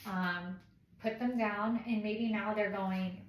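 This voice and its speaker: A woman in her thirties talks through a how-to in a casual, chatty way, now and then asking "okay?" She sits in an echoey room at home, and her voice sits at an ordinary middle pitch. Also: fairly even intonation, slow, a little hiss or hum. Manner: chatty and instructive, often checks in with "okay?"; softly shushes and imitates baby cries while demonstrating. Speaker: parenting vlogger.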